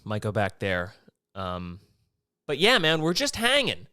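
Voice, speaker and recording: A man's voice: lowish voice, wildly swooping pitch, measured pace, sharp tone, clean tone, no echo, studio quality. A man from Maryland hosting a casual solo podcast, rambling and profane and jumping between topics. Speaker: podcast host.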